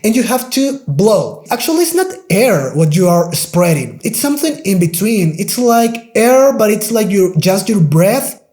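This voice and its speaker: A native Spanish-speaking man with a Spanish accent, patiently teaching pronunciation and repeating each sound slowly to demonstrate it. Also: high-pitched, very animated, a little mellow, reverberant. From Spain. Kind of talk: pronunciation lesson.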